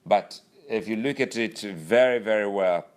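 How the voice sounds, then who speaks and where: Male commentator, lower register, thinks aloud with frequent fillers. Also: measured pace. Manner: filler-heavy, musing delivery with many uhs and you knows. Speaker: political commentator. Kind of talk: political commentary.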